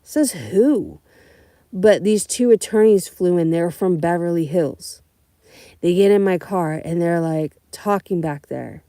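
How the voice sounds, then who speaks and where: A young adult woman from California, a rideshare driver, telling profane, animated stories on a casual livestream. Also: fairly low pitch, unhurried, dry recording, studio quality. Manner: blunt, profane, animated storytelling.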